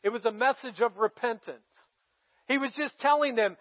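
High-voiced pastor preaching casually. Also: male voice, moderate pace, muffled recording. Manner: casual storytelling with bursts of emphasis. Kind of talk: sermon.

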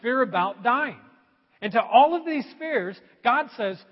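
Middle-aged male pastor, high, lively delivery, husky edge, dull echoey hall sound. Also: measured pace. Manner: animated, swings between loud emphasis and quiet asides. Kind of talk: sermon.

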